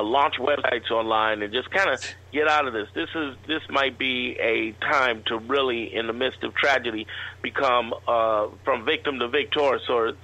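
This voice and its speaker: A man's voice: mid-range voice, pushed and bright, lo-fi sound. A man, a guest entrepreneur, telling a rambling anecdote in a casual interview.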